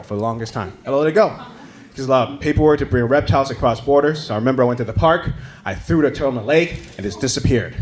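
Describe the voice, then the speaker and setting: A man in his thirties, a native Mandarin speaker, doing an animated stand-up set on a comedy club stage and shouting his punchlines. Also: fairly high pitch. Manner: animated, shouts punchlines, acts out others' voices. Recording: live club recording, roomy, loud audience laughter.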